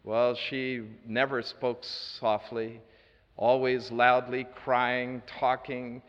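A man preaching a sermon as a story, earnest with dry asides, moving between loud and hushed delivery. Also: mid-range voice, little pitch movement, extremely slow. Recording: reverberant hall, dull lo-fi sound.

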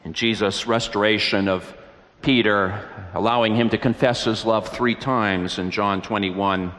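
A man's voice: fairly low pitch, steady tone, measured pace, fairly bright tone. A man preaching a sermon, retelling scripture with earnest, emphatic storytelling. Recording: reverberant hall.

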